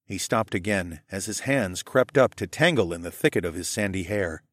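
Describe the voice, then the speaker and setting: A man narrating a story in a quiet, measured way. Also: low voice, lively intonation, dry recording, clean studio sound. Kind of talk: audiobook narration.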